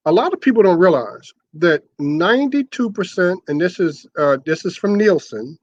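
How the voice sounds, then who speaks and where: A man's voice: high-pitched, expressive, moderate pace, no echo, lo-fi sound. An older man talking as an interview guest about his long radio career, explaining at length and often repeating words as he restarts. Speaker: interview guest, former radio sales manager. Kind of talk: conversational interview.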